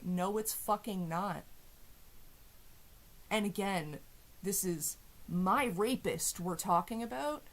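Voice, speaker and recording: A woman's voice: fairly low pitch, moderate pace. A woman venting to her viewers in a heated, profane and sarcastic rant. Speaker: vlogger. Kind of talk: angry rant to camera.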